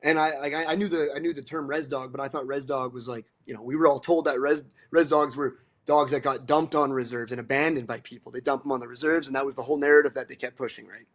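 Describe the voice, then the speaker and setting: A man from central Alberta talking casually as a guest, animated and blunt, swearing now and then, restarting and repeating words. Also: mid-range voice, fast, few pauses. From central Alberta, Canada. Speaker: guest, musician and dog rescue advocate. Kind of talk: casual storytelling.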